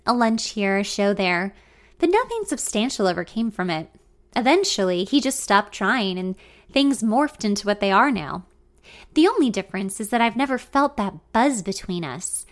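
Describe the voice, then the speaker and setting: Woman narrating a confiding first-person story. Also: a little high. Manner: intimate, confiding, wry.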